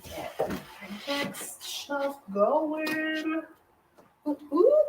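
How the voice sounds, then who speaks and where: Woman vlogger, unhurried casual musing while shelving books, faint room hum, heard from across the room. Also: sits high, animated, distant mic. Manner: chatty, musing, half to herself. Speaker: book vlogger. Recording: roomy, off-mic with faint ambience.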